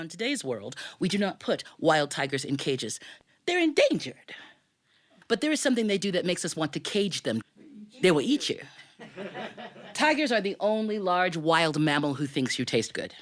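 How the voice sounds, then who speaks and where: A woman telling a family story live, chatty and quizzing her audience. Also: fairly low pitch. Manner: lively, chatty, asks the audience questions. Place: recording studio with live audience.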